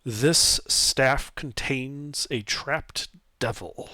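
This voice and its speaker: A nervous scholar, as a man plays him, speaking softly, slowly and with a shake in his voice. His tone is bright and grave. He sounds close and dry. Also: medium pitch, no room sound. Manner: shaky, grave, slow warning. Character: nervous male scholar wary of a cursed staff.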